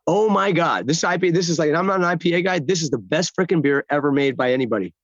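Excitable older man rambling fast. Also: a little high, no room sound, dull audio. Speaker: actor, guest. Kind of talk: casual chat. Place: outdoors by a lake.

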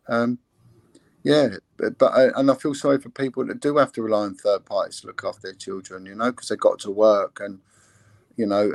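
A man's voice: fairly low pitch, no echo. A man, a former police investigator, talking earnestly in an interview with many restarts and fillers. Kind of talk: candid interview talk.

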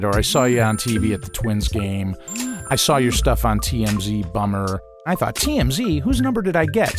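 A man in the middle of a personal anecdote, talking at an easy mid pitch. He tells it casually and animatedly, and slips into quick voices for the people he quotes. Faint music plays under him. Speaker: storyteller.

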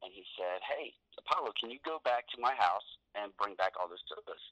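A man, a pro wrestler, telling a story in casual chat and acting out the quotes with animated voices. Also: lowish voice, fairly quick, no room sound, low-quality recording.

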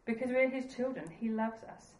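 A woman's voice: on the high side, level tone, normal speed, darkish tone, roomy sound, poor audio. A woman preaching a sermon in an earnest, conversational way, laughing at herself now and then.

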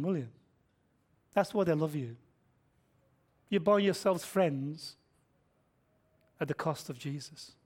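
A male pastor, preaching a sermon and swinging between loud declarations and hushed asides. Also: high-pitched. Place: church.

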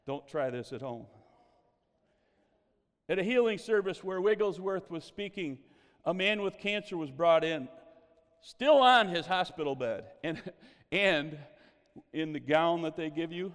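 A man preaching a sermon, telling stories with animated exclamations of praise. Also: on the high side, a little slow, pauses often, long reverb tail.

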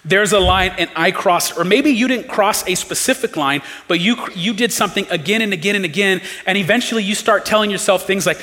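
A man preaching a sermon as pastor, earnest, rising to emphatic pleas and dropping low and quiet. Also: normal speed, in a large hall.

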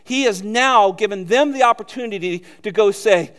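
A man's voice: high voice, normal speed, fairly bright tone. A man preaching a sermon, earnest and emphatic, with repeated phrases and rhetorical questions to his congregation. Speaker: pastor.

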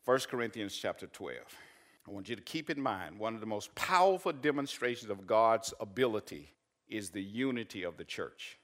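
A man, a pastor preaching and telling a personal story, rising to loud emphatic peaks. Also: on the low side, expressive, normal speed. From Arkansas. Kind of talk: sermon.

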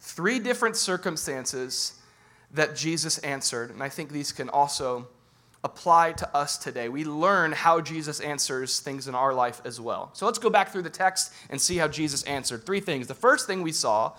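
A man preaching a sermon in an animated, humorous and emphatic way. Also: on the high side, moderate pace. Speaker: pastor.

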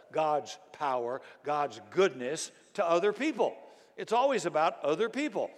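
A middle-aged male pastor preaching a sermon in a dynamic style, swinging between loud emphatic shouts and quiet low asides. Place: church sanctuary. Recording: long hall reverb.

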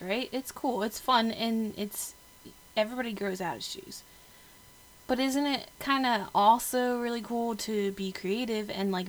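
Chatty woman host of a solo podcast, mid-pitched, upbeat and self-mocking, faint hiss. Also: low-quality recording. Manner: bubbly and chatty, laughs at herself, lots of filler words. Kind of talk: casual solo podcast monologue.

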